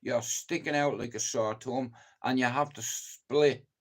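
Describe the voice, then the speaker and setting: A man's voice: medium pitch, steady tone, a little slow. A middle-aged man from Ireland hosting a livestream, telling rambling stories in casual chat and swearing a lot. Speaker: livestream host.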